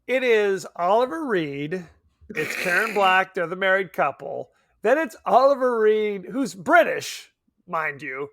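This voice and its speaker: A man co-hosting a podcast in casual chat, animated, laughing often and swearing casually. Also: high voice, a little slow. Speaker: podcast co-host. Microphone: remote podcast mic.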